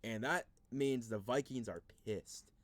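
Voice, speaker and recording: A man's voice: medium pitch, a little slow, dry recording. A man hosting a casual sports video, thinking aloud through a mock draft, rambling and easily frustrated, with many restarts.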